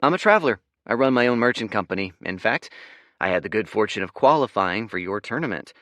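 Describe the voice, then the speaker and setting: A man's voice: fairly low pitch, fairly bright tone, no echo, studio quality. A man voicing a confident young traveler who talks with breezy, lazy charm.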